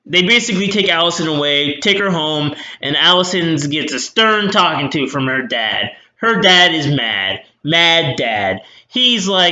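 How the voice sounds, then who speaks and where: A man's voice: fairly high pitch, expressive, unhurried, hardly any pauses, pushed and bright. A young man recapping a movie in a snarky, rambling way with many fillers. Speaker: movie reviewer. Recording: roomy echo.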